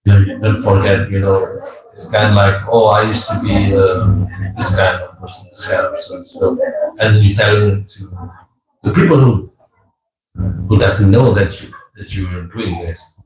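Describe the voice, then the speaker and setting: A man in the audience asking a question, hesitant and halting with many fillers. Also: fairly low pitch, steady tone. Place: mosque gathering hall. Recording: distant and echoey with crowd.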